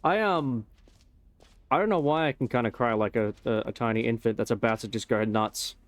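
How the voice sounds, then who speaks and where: A man's voice: medium pitch, moderate pace, no echo. Rambling young man streaming a game. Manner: rambling, joking, swears casually. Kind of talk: casual gameplay commentary.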